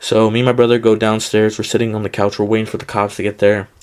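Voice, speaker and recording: A man's voice: lowish voice, flat delivery, fast, smooth. A young man casually telling a rambling personal story, full of fillers and "he goes" quotes.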